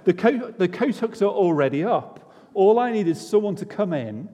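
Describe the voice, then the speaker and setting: A man's voice: sits high, expressive, normal speed, warm tone, big-room sound. A man preaching a sermon to his congregation in a chatty way, asking them rhetorical questions and joking at his own expense. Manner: self-deprecating humour. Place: church.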